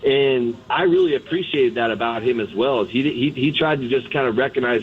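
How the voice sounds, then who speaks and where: A man on a sports radio show speaks over a thin, phone-like line that strips out his lows and highs. His pitch sits in an ordinary middle range. He tells clubhouse stories in a blunt, candid, animated way, like a former player talking shop. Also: brisk. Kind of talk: casual sports radio storytelling.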